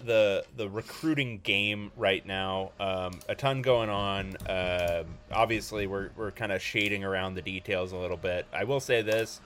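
A man's voice: fairly low pitch, fairly bright tone, clean tone. A man hosting a casual sports podcast, talking loosely with lots of ums and restarts. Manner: hesitant, many ums and restarts.

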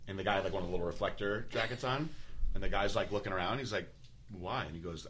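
A man's voice: fairly low pitch, very fast, a little hiss or hum. A man co-hosting a podcast, chatting casually and retelling stories with acted-out quotes. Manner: animated storyteller who acts out quotes. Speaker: podcast co-host. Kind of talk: casual chat.

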